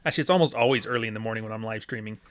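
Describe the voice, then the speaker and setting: Guy hosting his stream, swears a lot, jokey, quick asides. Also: on the low side. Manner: profane, joking, quick asides. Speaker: live stream host. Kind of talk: casual chat.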